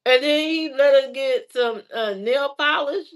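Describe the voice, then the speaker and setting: A woman's voice: high-pitched, unhurried. An adult woman telling stories in a casual, chatty way, laughing often as she goes. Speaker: vlogger. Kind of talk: casual storytelling.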